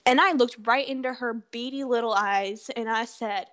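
A teenage girl tells a story on a casual podcast, animated and quick to laugh. She swears freely as she tells it. Her voice sits a little higher than most. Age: teens. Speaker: podcast co-host.

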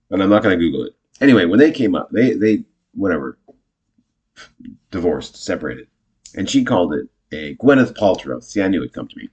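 Low husky man teaching improv. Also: lo-fi sound. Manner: chatty, self-correcting, animated when acting out lines. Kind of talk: casual teaching talk with acted example lines.

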